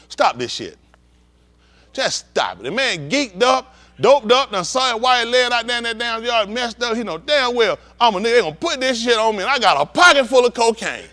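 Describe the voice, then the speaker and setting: Animated, high-voiced preacher acting out scenes. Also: male voice. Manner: animated, profane, acts out scenes and keeps asking the crowd if they understand. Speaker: pastor. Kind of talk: comedic storytelling rant to a congregation.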